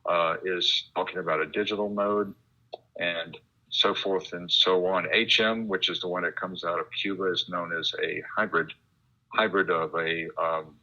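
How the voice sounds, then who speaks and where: A low-voiced man chats as an interview guest, animated and talkative. His tone is sharp and bright. The sound is dull and lo-fi, like internet call audio. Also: moderate pace. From United States. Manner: chatty, animated, laughs while imitating sounds. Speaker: guest, radio enthusiast and author. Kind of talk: casual interview conversation.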